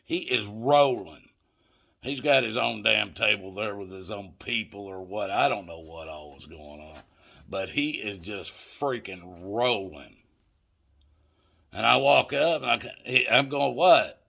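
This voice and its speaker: A man's voice: fairly low pitch, measured pace, vocal fry, sharp tone. An older man telling a rambling, profane story straight to his listeners, calling them folks. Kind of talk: casual anecdote told to viewers.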